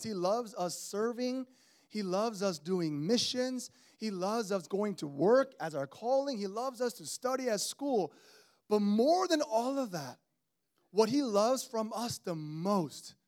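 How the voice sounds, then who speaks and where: A man in his thirties preaching a sermon in an animated, conversational way, calling out to the congregation. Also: sits high. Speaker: pastor.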